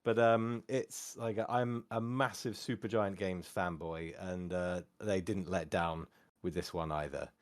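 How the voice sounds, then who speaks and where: Low-voiced man rambling with fillers. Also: fairly even intonation, measured pace. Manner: rambling, many fillers and restarts. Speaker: podcast co-host. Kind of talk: casual chat.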